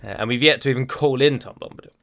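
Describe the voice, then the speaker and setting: A man's voice: mid-range voice, very fast, creaky, a bit bright. Chatty English man commenting on a game. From England. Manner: chatty, rambling asides. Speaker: gaming YouTuber. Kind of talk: let's play commentary.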